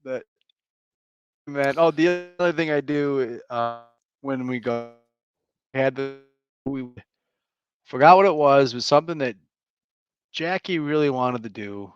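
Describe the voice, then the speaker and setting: A man in his thirties co-hosting a podcast, joking around and then laying out his reasoning in a relaxed chat. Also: mid-range voice, unhurried, pauses often. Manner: joking, playful, then plainly explaining. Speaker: podcast co-host. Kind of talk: casual chat. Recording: slightly dull, muffled audio.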